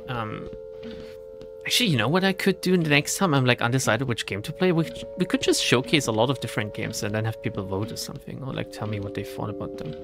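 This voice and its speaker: A man's voice: mid-range voice, creaky. A man commentating his own horror game playthrough, chatting and reading item text aloud. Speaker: gaming streamer. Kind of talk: let's play commentary.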